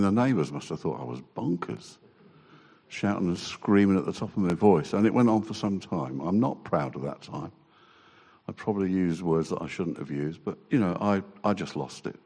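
A man giving a halting, emotional personal testimony to a church congregation. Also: low-pitched, darkish tone, breathy edge. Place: church hall. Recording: long church reverb.

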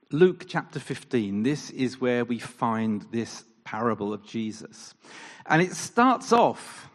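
A man preaching a sermon in an animated style, firing off rhetorical questions and acting out quoted lines. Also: medium pitch. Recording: long reverb of a large hall.

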